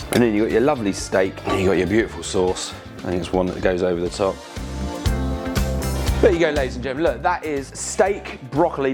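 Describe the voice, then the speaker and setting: A man's voice: medium pitch, a little mellow. Chatty man cooking, music behind. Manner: chatty, enthusiastic, slangy. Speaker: cooking show host. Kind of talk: casual cooking demonstration.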